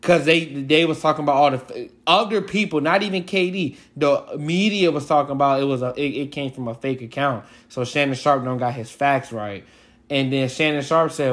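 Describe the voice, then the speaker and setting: A man's voice: mid-range voice, normal speed, fairly bright tone. A man co-hosting a podcast, talking basketball in a rambling, casual way with many fillers and restarts. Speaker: podcast co-host. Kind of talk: casual sports chat.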